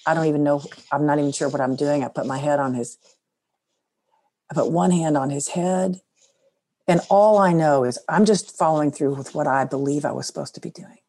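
A middle-aged woman sharing a personal faith story in conversation, earnest and soft-spoken. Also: low voice, brisk. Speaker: guest.

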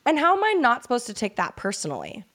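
A woman's voice: a little high, wildly swooping pitch, quick pace, a bit bright. A woman co-hosts a podcast in loose, casual chat. She is blunt and swears freely, with wry self-mocking jokes. Under the jokes she is grieving and fighting back tears. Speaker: podcast co-host.

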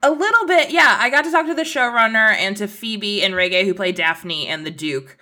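A woman's voice: mid-range voice, a little fast, sharp tone. A young adult woman, an entertainment journalist guest, chatting casually and rambling with many "like" fillers. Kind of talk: casual podcast chat.

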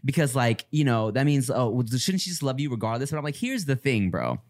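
Man, mid-pitched everyday voice; casual podcast host, rambling and joking. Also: sing-song, brisk, a little mellow. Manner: rambling, joking asides, filler-heavy.

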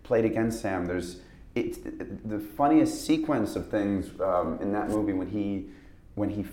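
A man's voice: on the low side, unhurried, dark tone. A man, an actor, chatting casually in an interview, rambling with restarts and laughing as he tells stories. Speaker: actor guest. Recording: roomy echo.

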